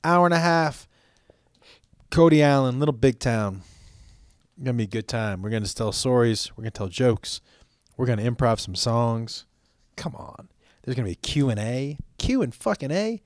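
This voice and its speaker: A man's voice: mid-range voice, dry recording, studio quality. A man hosting his own podcast in casual solo chat, rambling and jokey, swearing freely, with stammered restarts. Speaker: podcast host.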